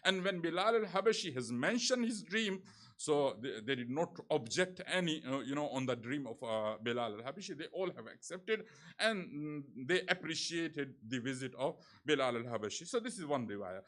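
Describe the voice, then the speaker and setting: Earnest male preacher, high-pitched. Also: animated, normal speed, fairly bright tone. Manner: earnest storytelling with frequent fillers, rising emphasis. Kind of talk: sermon.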